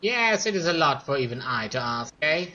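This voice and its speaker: A man voicing a smooth, sly older wizard lord in a fantasy game, speaking in a coaxing, ingratiating way. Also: on the high side, big pitch swings, moderate pace, pushed and bright, muffled recording, a little hiss or hum, pitched above the performer's own voice.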